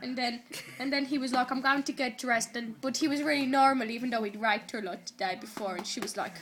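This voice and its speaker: A woman with an Irish accent rambles through a story recap, chaining every event with "and then" and breaking into giggles. Her voice sits high and sounds bright and sharp. She talks casually to someone filming her. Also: fairly even intonation, brisk. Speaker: person retelling a TV episode to camera. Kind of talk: casual retelling. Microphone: handheld camera recording.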